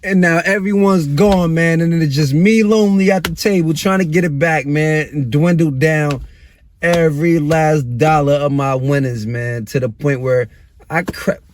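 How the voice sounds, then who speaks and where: A man in his thirties casually telling a long personal story to camera, animated and slangy, swinging between excitement and regret. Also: fairly high pitch, moderate pace, slight background noise.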